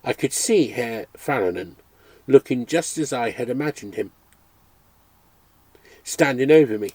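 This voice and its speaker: A man reading a memoir aloud as a storyteller, expressive and engaged. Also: mid-range voice, unhurried, no room sound. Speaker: audiobook reader.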